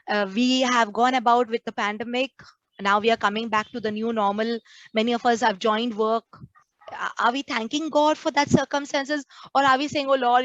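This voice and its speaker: A woman's voice: a little high, no room sound, highs cut off. A woman, a nun preaching a sermon to a prayer group and acting out the complaints she quotes. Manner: earnest, acts out quoted complaints.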